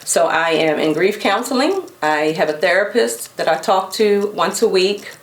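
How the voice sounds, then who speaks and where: Woman, earnest, gentle advice, distant mic, roomy echo. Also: medium pitch, animated, moderate pace. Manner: earnest, gently advising, with restarts. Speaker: guest sharing her story. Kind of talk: personal testimony.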